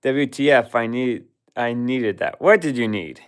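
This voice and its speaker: Here a man with a smooth, medium-pitched voice vlogs as he cleans up a cluttered workshop. He rambles along slowly and casually, chatting to himself and to his dog.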